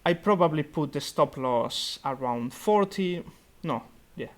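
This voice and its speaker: A man's voice: a little high, animated, unhurried. A young man on a video call thinking aloud as he reviews a student investment portfolio, with many fillers and restarts. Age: young adult. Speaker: student investment society organiser. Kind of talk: virtual meeting portfolio review. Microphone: computer mic on a video call.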